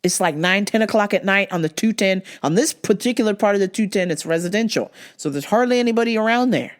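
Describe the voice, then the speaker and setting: A young woman hosting a podcast, telling a story in a profane, animated rant. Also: mid-range voice, quick pace. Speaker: podcast host. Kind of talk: casual storytelling monologue.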